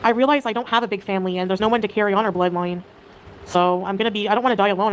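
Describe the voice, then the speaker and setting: A woman's voice: mid-range voice, fairly even intonation, racing, a little hiss or hum. A Canadian woman livestreaming, chattily reading viewer comments aloud and greeting viewers.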